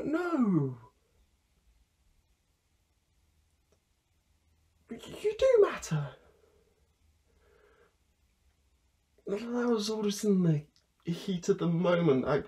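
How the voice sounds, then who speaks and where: A man's voice: sits high, very animated, unhurried, dark tone. A young man acting as a desperate food courier on the phone, stammering, pleading and bursting into anger. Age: young adult. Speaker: student actor. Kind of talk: theatre monologue performed online.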